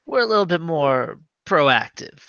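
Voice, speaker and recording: Tabletop player, slow halting speech, bright tone, dull dry recording. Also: mid-range voice, big pitch swings, vocal fry, no echo. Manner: slow, hesitant, many fillers. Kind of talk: in-character tabletop role-play.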